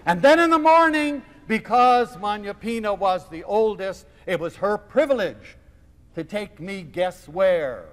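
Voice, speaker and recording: A man giving a lecture to an audience, telling a personal story in a theatrical, expressive way. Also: high-pitched, measured pace, in a large hall. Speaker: lecturer on love.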